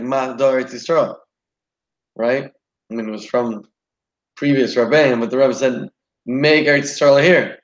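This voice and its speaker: A man leads an online study group from home, speaking at an average pitch with eager, rambling enthusiasm and plenty of fillers. His voice comes through a video call with muffled, dull audio. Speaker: host of an online learning session. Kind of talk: casual group study chat. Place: at home in California.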